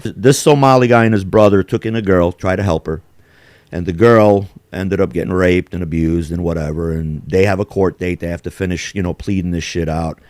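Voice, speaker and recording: A man's voice: low-pitched, fairly quick, darkish tone, dry recording. A man hosting a podcast, talking in heated, profanity-laden rants with big swings in emphasis. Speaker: podcast host. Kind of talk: casual heated chat.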